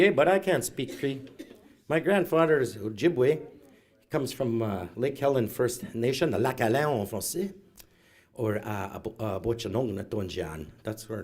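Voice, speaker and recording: A middle-aged man, telling funny personal stories at an event and acting out his relatives' voices. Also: medium pitch. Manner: animated, acts out relatives in quoted voices. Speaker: storyteller at a graduation event. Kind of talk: humorous personal storytelling. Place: event hall.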